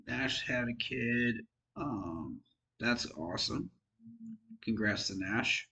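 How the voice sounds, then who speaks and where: A man's voice: mid-range voice, expressive, takes it slowly, bright, forceful tone, rough recording. A tired man giving casual, frank football commentary on his own channel, rambling and poking fun at himself. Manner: rambling, frank, self-deprecating. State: tired, yawning. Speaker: sports fan vlogger.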